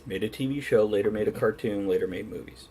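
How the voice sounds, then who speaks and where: A man's voice: on the low side, fast talker, mellow, slight background noise. A man hosting a casual pub-style chat show, joking crudely and laughing often. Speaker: podcast host.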